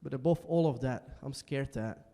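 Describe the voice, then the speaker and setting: A man's voice: mid-range voice, moderate pace, gravelly, big-room sound. Young man in a raw solo monologue. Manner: emotional, shifts between quiet and shouting. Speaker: stand-up performer. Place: small basement venue.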